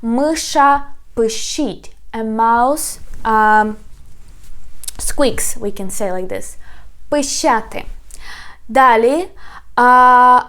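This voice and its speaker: A young woman with a Ukrainian accent, whose first language is Ukrainian, teaching vocabulary in an online lesson and slowly repeating each word for learners. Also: on the high side, a bit bright.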